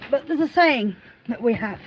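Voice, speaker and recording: A woman's voice: on the high side, animated, normal speed, slight background noise, poor audio. A woman chatting casually on a live stream from outdoors by her car on a smallholding. She rambles, laughs often and greets viewers by name. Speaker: smallholder vlogger.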